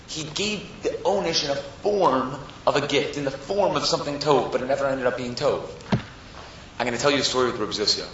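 A young man tells a story at a Torah talk in a bright, forceful voice, bursting into shrill shouts when he acts out his family. He sounds far from the mic in a very echoey room, with the sound dull and lo-fi. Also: slight background noise. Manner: animated storyteller, acts out family members in loud high voices. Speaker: Torah speaker.

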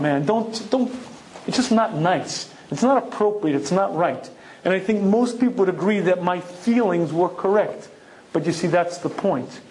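A man teaching a Torah lecture and telling a personal story, emphatic and repeating phrases for effect, with frequent throat clearing. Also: high voice, darkish tone, a little hiss or hum, poor audio. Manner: keeps clearing his throat.

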